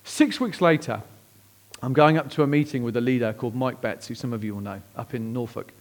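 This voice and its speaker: A man preaching a sermon, telling a personal story with lively swings between hushed, slow moments and excited outbursts. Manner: animated, acts out quoted voices with big pitch jumps; drops to hushed, slow tones at emotional moments. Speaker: pastor.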